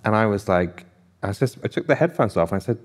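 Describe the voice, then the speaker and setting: A man on a festival panel, telling anecdotes in a chatty, animated way and acting out what people said. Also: fairly low pitch, fast. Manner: animated storyteller, lots of "I was like" quotes. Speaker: author on a panel.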